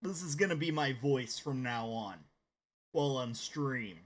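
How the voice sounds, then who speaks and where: A man voicing a deadpan, self-assured male celebrity type, announcing things mock-seriously. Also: mid-range voice, a little slow.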